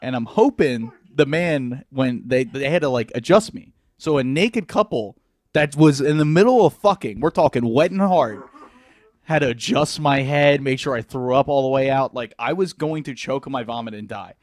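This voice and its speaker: A man hosting a podcast, telling a crude story in casual, animated chat. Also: mid-range voice, normal speed, no room sound. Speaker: podcast host.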